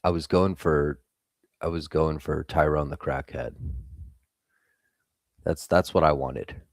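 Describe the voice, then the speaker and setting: A man's voice: very deep voice, steady tone, takes it slowly, vocal fry, no room sound, studio quality. A young man hosting a live trading stream, giving blunt, casual market commentary and swearing freely.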